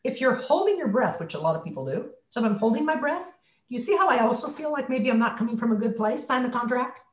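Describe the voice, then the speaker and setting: A woman's voice: on the high side, very animated, fast, reverberant. A woman voice coach leading a coaching session, demonstrating her points with her voice. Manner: demonstrative, shifts her voice to show examples. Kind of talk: coaching session on a video call.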